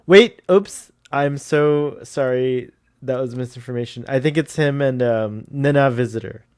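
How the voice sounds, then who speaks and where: A man's voice: medium pitch, measured pace, a little mellow, smooth, no room sound, studio quality. A man chatting casually as a guest on a fan commentary podcast, rambling and laughing often.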